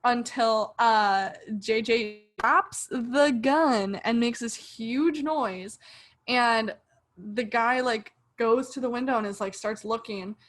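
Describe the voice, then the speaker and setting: A woman's voice: a little high, takes it slowly. A young woman co-hosting a podcast, animatedly retelling a TV episode and acting out her own reactions. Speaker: podcast co-host. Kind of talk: casual chat reviewing a TV show.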